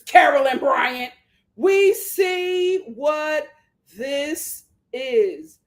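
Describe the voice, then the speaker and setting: A young woman rants through a reality TV recap with biting sarcasm. Her voice sits high and swoops up and down. She mocks people with exaggerated impressions and shifts quickly between scorn and disbelief. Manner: animated, sarcastic, mocking impressions, breaks into laughter. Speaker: commentary channel host.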